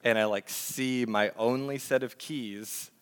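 A man's voice: medium pitch, fairly even intonation, measured pace, a bit bright, clear, resonant tone. Young male pastor preaching in a reverberant church hall, earnest and conversational. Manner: earnest and conversational, with fillers and self-corrections. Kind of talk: sermon.

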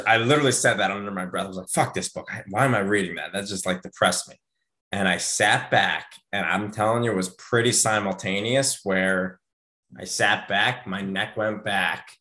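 A man in his thirties, a podcast host, telling a story in casual chat, animated and acting out the quotes with big jumps in pitch. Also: moderate pace.

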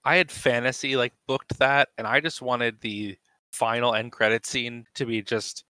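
A man's voice: medium pitch, level tone, normal speed, sharp tone, clean tone, no echo. A man co-hosting a podcast, chatting casually and eagerly, with lots of filler words. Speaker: podcast co-host.

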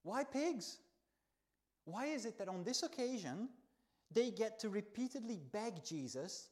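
A man preaching a sermon in a church, telling the story with lively swings between soft, hushed lines and loud exclaims. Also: high voice, unhurried. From not from the country where he preaches.

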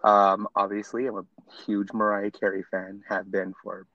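A man talks as a guest on a casual podcast, campy and unhurried, stretching out "darling." His voice sits fairly low, and the recording is dry and close. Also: monotone, no room sound, highs cut off. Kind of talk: casual chat.

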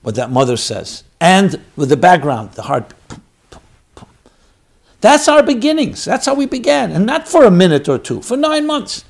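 Gravelly-voiced man preaching with emphasis. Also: high voice, huge pitch swings, normal speed. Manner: emphatic, swinging between loud exhortation and quiet storytelling. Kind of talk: sermon.

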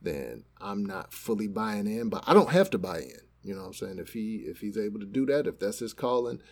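A man co-hosting a casual chat, giving calm, considered opinions. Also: lowish voice, fairly quick. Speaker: podcast co-host. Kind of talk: casual discussion.

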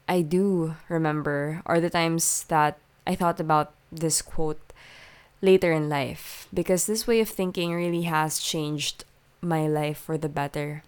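A young woman in her twenties hosting a casual podcast, her voice nasal and blocked from allergies, talking in a soft, reflective way. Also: deep voice, steady tone, measured pace, smooth. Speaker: podcast host. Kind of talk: casual solo podcast talk.

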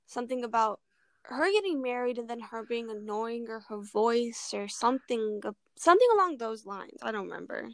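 A young woman with a slightly high voice, relaxed and agreeable, retelling scenes in casual chat. She is heard up close and dry. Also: moderate pace, no echo.

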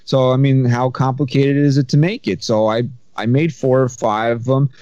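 A man's voice: mid-range voice, little pitch movement, warm tone, no room sound. Rambling man telling a story. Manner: rambling storyteller, quick, self-interrupting. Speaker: podcast host. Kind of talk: casual chat. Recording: slightly dull sound.

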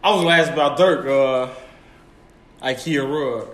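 A man's voice: mid-range voice, normal speed, fairly bright tone, echoey room. A man co-hosting a podcast, joking profanely and laughing. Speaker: podcast co-host. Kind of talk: casual chat.

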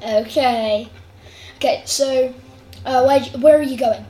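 Woman, game master, high voice, playful narration, roomy recording. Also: slow, dark tone. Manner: playful, slips into character voices. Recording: roomy sound with faint music.

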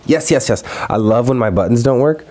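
A man's voice: medium pitch, fairly quick. A young man hosting his own video, ranting casually and profanely about something that annoyed him online. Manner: profane, exasperated, animated ranting. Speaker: video host. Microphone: recorded alone at home.

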